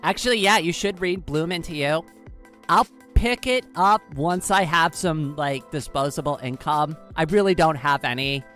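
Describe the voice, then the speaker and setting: A woman chatting casually on a live stream, excitable and giggly, saying "like" a lot. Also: low-pitched, moderate pace, faint music behind.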